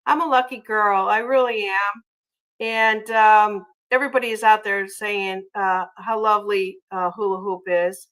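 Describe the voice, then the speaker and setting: A woman hosting a casual livestream, chatty and gushing, often pausing on ums and uhs as she reads viewer comments. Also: mid-range voice, steady tone, a bit bright, low-quality recording. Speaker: livestream host.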